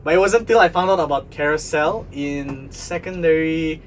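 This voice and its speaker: A young man from the Philippines co-hosting a casual podcast chat, chatty and quick to laugh. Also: on the high side, recorded from a distance, soft background music. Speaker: podcast co-host.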